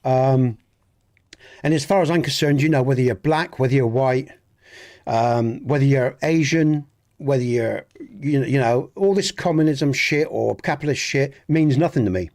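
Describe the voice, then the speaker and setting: A man's voice: mid-range voice, moderate pace, darkish tone. An English man with a Dorset accent chatting earnestly and ramblingly with viewers during a game livestream, often restarting and swearing mildly. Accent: Dorset, Southwest English. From England. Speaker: streamer. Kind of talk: casual livestream chat with viewers.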